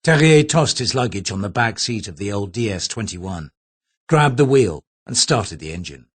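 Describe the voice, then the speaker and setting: A male audiobook narrator with a husky voice and lively, varied pitch. He reads the thriller in a steady, low-key manner. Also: moderate pace. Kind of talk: scripted narration.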